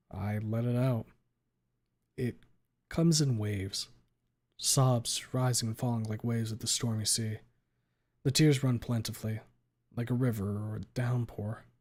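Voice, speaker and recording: A man streaming himself reading a fan fiction aloud in an emotional first-person style, rushing some passages and stretching others out. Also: medium pitch. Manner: emotional, pace swinging between rushed and drawn out.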